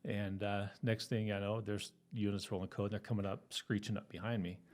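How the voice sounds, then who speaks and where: A man's voice: lowish voice, level tone, brisk, a little mellow. A middle-aged man, a retired police officer, telling his story in an easygoing interview with fillers and frequent laughs.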